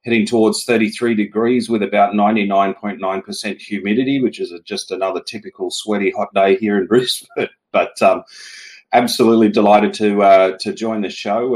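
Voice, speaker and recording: A low-pitched Australian man in his forties talks easily as a podcast guest. His manner is relaxed and chatty, with frequent laughs. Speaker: guest, security executive. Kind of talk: casual interview chat.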